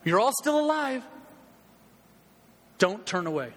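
A man's voice: sits high, very animated, takes it slowly, big-room sound. A man preaching a sermon as pastor in a church, urging his listeners earnestly and repeating his calls to action.

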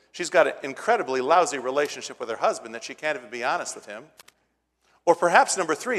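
A man's voice: fairly high pitch, lively intonation, fast talker. A man preaching a sermon, retelling a scripture story in a casual way and building to emphatic points. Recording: long hall reverb.

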